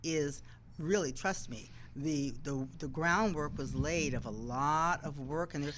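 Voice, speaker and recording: Brief: woman, TV anchor guest, lowish pitch, animated anecdotes, acts out quoted lines. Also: a little slow, a little hiss or hum, low-quality recording. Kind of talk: casual interview storytelling.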